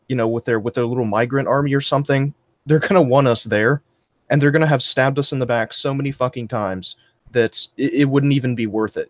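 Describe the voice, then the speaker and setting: A man's voice: mid-range voice, dry recording. A man on a casual political talk stream, rambling crudely and swearing often.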